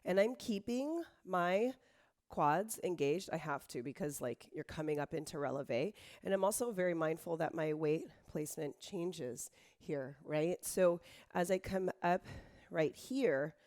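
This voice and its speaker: A woman in her thirties teaching an online dance lesson, hoarse from being sick and tired, counting beats and calling out moves while she dances. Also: lowish voice, a little slow, a little mellow. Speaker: dance instructor.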